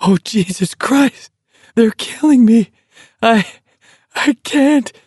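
A man voicing an exhausted young man who laughs himself breathless, his voice pitched high, giggling and gasping, from an audiobook. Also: expressive, slow, darkish tone, slightly rough, dry recording, clean studio sound, heavily acted.

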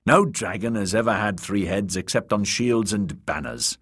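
A man's voice: fairly low pitch, normal speed, fairly bright tone, husky, no room sound, studio quality. A man voicing a stiff young scholar who speaks firmly and corrects others. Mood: stern. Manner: firm, lecturing, anxious. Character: stern, fussy young male scholar.

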